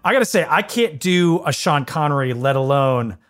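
A man's voice: fairly high pitch, lively intonation, normal speed, a bit bright, faint music behind. A man co-hosting a casual interview, reacting with enthusiastic short comments. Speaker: co-host.

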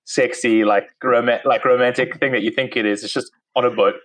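A man's voice: mid-range voice, fairly even intonation, a little fast, fairly bright tone, poor audio. A man in his thirties with a South African accent, chatting casually as an interview guest and laughing easily. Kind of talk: casual conversation.

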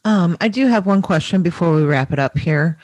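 A man's voice: fairly high pitch, expressive, fairly quick, no echo. Friendly man hosting, dry sound. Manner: friendly, hesitant with fillers. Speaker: podcast host. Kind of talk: interview hosting.

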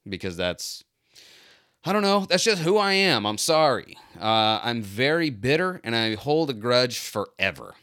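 A man's voice: mid-range voice, a little slow, no echo. Dry, close-sounding man telling a story. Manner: animated, self-mocking, acts out quoted lines. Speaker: pool cleaner. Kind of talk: casual personal storytelling.

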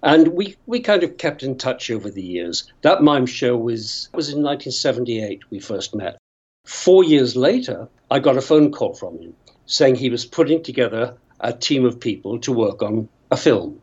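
A man's voice: mid-range voice, sing-song, normal speed, a little mellow, breathy edge, muffled recording. A man in his sixties from Northern Ireland, an actor guest telling rambling stories in a casual interview and laughing often. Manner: chatty, rambling storyteller who laughs often.

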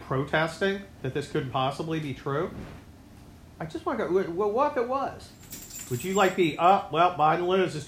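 A man hosting his own show, delivering a rambling, sarcastic political monologue that swings between loud outbursts and low mutters. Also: roomy sound, slight background noise. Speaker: podcast host.

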